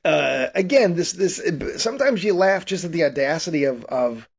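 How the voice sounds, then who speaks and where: A man's voice: a little high, animated, normal speed, gravelly, husky. Lo-fi podcast man recapping a movie. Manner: rambling recap with frequent restarts and laughs. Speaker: podcast host. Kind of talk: casual movie recap chat.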